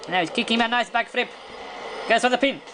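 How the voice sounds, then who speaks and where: An amateur commentator calls a video game wrestling match with boyish excitement. He stumbles and restarts his sentences and chuckles, and his voice shoots up at every big move. There is steady noise under his home recording. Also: very high voice, fast talker. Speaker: play-by-play commentator.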